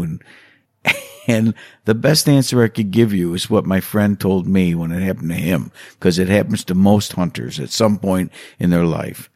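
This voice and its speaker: A middle-aged man being interviewed, telling stories in a casual, animated way and acting out quotes with big jumps in voice. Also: low-pitched, normal speed, no echo, studio quality. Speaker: hunter and hunting instructor, interview guest.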